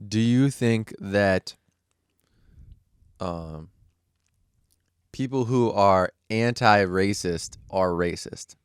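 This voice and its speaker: A low-voiced American man talks through a casual podcast conversation with a smooth, resonant tone. He hesitates often, filling pauses with ums and rephrasing as he goes. The sound is dry and close. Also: dry recording. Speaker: podcast co-host.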